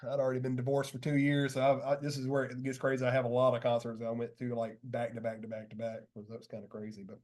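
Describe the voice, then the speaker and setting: A man's voice: mid-range voice, little pitch movement, fast talker, few pauses, a little mellow. A man hosting a casual porch chat, telling concert stories in a laid-back way and laughing often. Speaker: podcast host.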